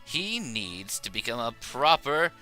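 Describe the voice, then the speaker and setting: A man's voice: medium pitch, sing-song, unhurried, bright, forceful tone, faint music behind, low-quality recording. A man chatting and joking casually while streaming a video game. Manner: playful, joking.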